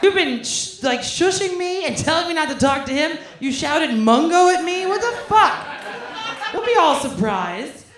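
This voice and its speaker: A woman's voice: high-pitched, big pitch swings, normal speed, crowd noise, background noise. A woman doing live stand-up, crude and teasing as she banters with the front row. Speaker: stand-up comedian. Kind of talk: live stand-up with crowd work. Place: comedy club stage. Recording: echoey club room.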